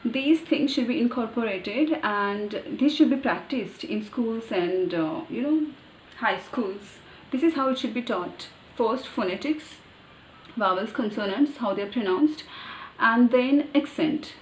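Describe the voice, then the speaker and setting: A woman's voice: on the high side, a little slow, slight background noise. A woman with an Indian accent, a native Marathi speaker, earnestly explaining pronunciation step by step in a casual monologue. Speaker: vlogger. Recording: echoey room with faint ambience.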